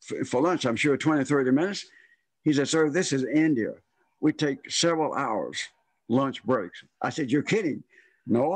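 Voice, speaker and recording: A man's voice: fairly high pitch, breathy edge, no echo. Older man telling a story, dry close mic. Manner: rambling, acts out quoted voices. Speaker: storyteller guest. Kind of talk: casual storytelling.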